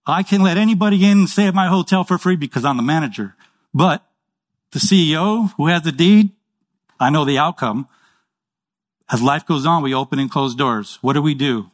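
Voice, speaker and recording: A man delivers a sermon in a relaxed, conversational way. His voice sits a little on the high side, and he keeps checking in with his listeners. He slips into quick little dialogues to act out his examples. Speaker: pastor.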